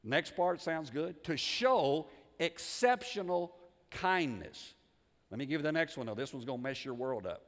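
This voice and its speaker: A man preaching a sermon in a folksy, animated way, often repeating words and restarting phrases, swinging between loud emphasis and quiet asides. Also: medium pitch, fast talker, few pauses, long reverb tail. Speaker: pastor. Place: church sanctuary.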